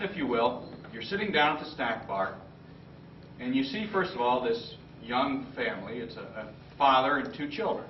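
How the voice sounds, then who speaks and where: A man in his fifties giving a storytelling speech at a club meeting, acting out the quotes with lively turns. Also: medium pitch, slight background noise. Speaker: club speaker. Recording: roomy, distant, dull lo-fi.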